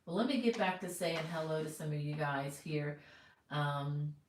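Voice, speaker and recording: A woman's voice: low voice, moderate pace, roomy sound, rough recording. A middle-aged woman teaching crochet, chatting casually on a live stream and greeting viewers by name.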